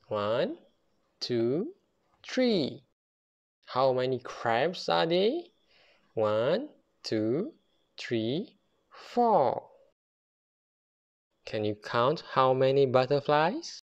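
Very slow, sing-song reader of a toddler picture book; non-native phrasing, muffled lo-fi sound. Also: medium pitch, very animated. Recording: muffled lo-fi recording.

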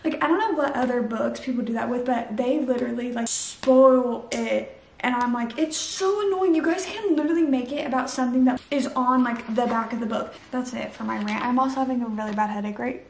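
A woman's voice: a little high, quick pace, few pauses, slight background noise. A tired young woman chatting casually in a late-night book vlog, rambling with lots of "like" and "literally". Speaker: book vlogger.

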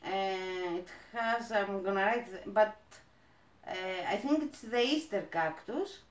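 A woman from Greece with a Greek accent, chatting as she unboxes plants, gushing and halting with fillers. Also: medium pitch, echoey room. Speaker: plant vlogger. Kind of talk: casual unboxing chat.

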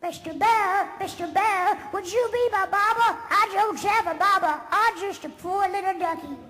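A man voicing a lonely, pleading little male duckling in a squeaky, very high cartoon voice. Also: moderate pace.

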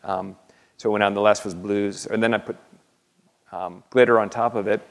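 A man with a low, gravelly voice gives a slide talk about his own art in a university lecture hall. He speaks haltingly and keeps breaking off to restart with fillers. The sound carries a long hall reverb. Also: fairly even intonation. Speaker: artist giving a lecture.

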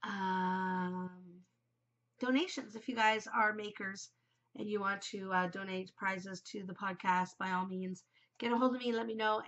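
A woman in her forties hosts a knitting podcast, chatting in an upbeat way with her nose a bit stuffed from a cold. Her mid-range voice is creaky and fairly bright, and the recording sounds muffled.

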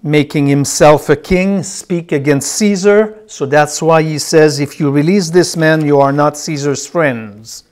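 A man's voice: a little high, measured pace, few pauses, darkish tone. A man teaching a Bible class, who repeats key phrases and tells his students which words to circle as he reads.

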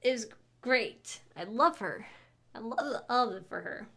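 High-voiced woman chatting slowly on stream. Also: animated, creaky, pushed and bright. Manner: rambling, with frequent self-interruptions and restarts. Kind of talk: casual livestream chat.

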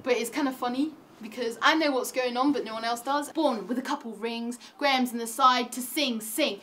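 A young woman, delivering a comic monologue that retells a classic play in modern slang, animated and full of slangy asides. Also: fairly high pitch, a little fast, hardly any pauses. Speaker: comedic performer.

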